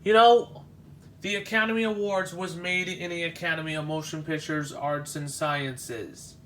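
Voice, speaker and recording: A man vlogging as he walks through an exhibition, talking in a halting, nostalgic way with frequent restarts. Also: fairly high pitch, steady tone, bright, forceful tone, slight background noise. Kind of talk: casual walk-through commentary.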